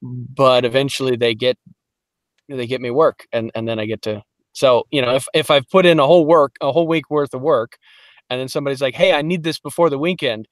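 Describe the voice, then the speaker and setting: A man from Detroit, a voice actor guest on a podcast, telling lively stories in casual chat and slipping into quick voices. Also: mid-range voice, no echo, clean studio sound. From Detroit, Michigan. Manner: animated storyteller, slips into quick voices.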